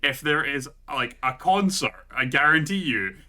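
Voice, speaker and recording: Bright-voiced Scottish man chatting. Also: on the high side, expressive, unhurried. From Scotland. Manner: chatty, laughs often, heavy use of "like". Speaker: podcast co-host. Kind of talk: casual chat.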